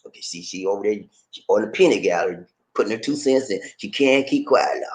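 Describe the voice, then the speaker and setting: A man from Charleston, South Carolina, with a Gullah Geechee accent, chatting casually to camera in an animated, laughing way, full of slang like "man" and "baby". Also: lowish voice, fast. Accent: Gullah Geechee, South Carolina Lowcountry. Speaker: vlogger. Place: Philippines.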